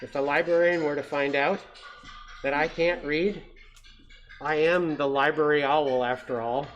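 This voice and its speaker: A stern, grumpy library owl from a storybook read aloud, as a man puts him on. He sounds huffy and drags his words out like a hoot. The voice sits a little higher and louder than the reader's own. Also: steady tone, unhurried, muffled recording, faint music behind, lightly acted.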